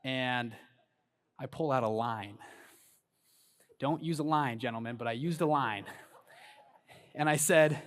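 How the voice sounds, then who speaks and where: A conference speaker in his thirties tells a personal story on stage in a large event hall, animated as he hypes the crowd during his motivational talk. His voice is mid-range, and he speaks at a measured pace with long pauses.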